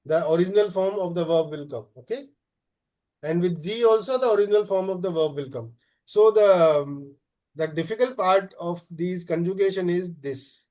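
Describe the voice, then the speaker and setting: Male German teacher, fairly high voice, patient and halting, keeps asking "okay?". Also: a little mellow. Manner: explains slowly, checks with frequent "okay?"; many "uh" fillers. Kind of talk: live class lesson.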